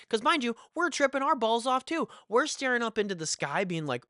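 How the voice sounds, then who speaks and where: A young man tells a casual story in a lively, profane rush, leaning on filler phrases as he goes. His voice sits fairly high and rings bright and forceful. The sound is close and dry. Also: fairly quick, few pauses, no echo. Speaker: vlogger telling a story.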